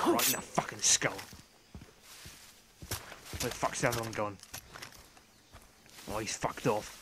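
A man giving comedic in-character commentary over a video game, swearing constantly and breaking into sudden excited outbursts. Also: lowish voice, measured pace, pauses often, background noise. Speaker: gameplay commentator.

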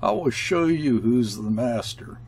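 A bitter, mocking trading-post man, voiced by a male reader, who jeers and bellows at his companion. The voice stays husky and gravelly, with an unhurried pull. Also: medium pitch, very animated, exaggerated voice. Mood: furious. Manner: sneering and shouting. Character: brash, mocking middle-aged European trading-post man.

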